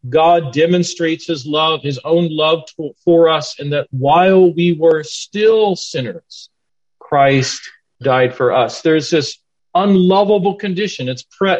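Older guy preaching to men, earnest and chatty, kinda high voice, muffled lo-fi sound. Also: takes it slowly. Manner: earnest, plainspoken, conversational. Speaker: lay preacher teaching men. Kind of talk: sermon. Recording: dull lo-fi recording.

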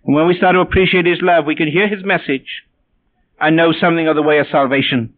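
A man's voice: on the high side, fast talker. A man preaching a sermon, telling personal stories in a wry, self-deprecating way. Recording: tinny phone-like sound.

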